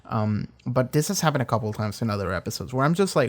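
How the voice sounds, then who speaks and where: A man talks through his thoughts on an episode in a loose, off-the-cuff review. He rambles, piles on fillers and restarts, and swears freely. His voice sits at an ordinary middle pitch. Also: animated, moderate pace, few pauses. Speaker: reaction video host. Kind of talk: casual spoken review.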